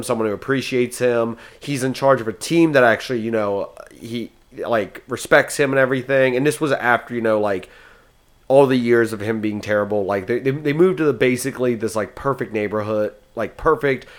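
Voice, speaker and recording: Man, middle-pitched voice, casual podcast talk, rambling, upbeat. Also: brisk. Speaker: podcast co-host. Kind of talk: casual chat.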